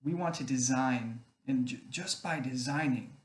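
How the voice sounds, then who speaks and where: Speaking at normal speed in a medium-pitched voice, a man who admins an online group chats loosely to the camera, often asking "okay?" along the way. The room echoes, and faint background noise is present.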